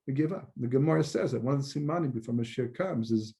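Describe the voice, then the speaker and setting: Conversational rabbi giving a talk. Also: male voice, medium pitch, quick pace, mellow. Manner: conversational, repeats words, mixes Hebrew terms. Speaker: rabbi and teacher. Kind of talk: Torah lecture.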